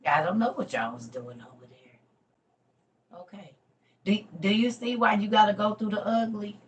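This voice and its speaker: A woman hosting a casual ministry livestream, chatting with viewers and calling them "y'all", going from loud bursts to murmured asides. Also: mid-range voice, moderate pace, lo-fi sound.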